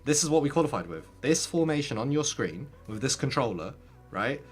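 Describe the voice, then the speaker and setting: A man talking casually to his viewers, giving gaming tips in an animated, direct way, often turning to speak straight at the audience. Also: mid-range voice, a little fast. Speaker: gaming content creator. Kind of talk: casual tips talk to camera.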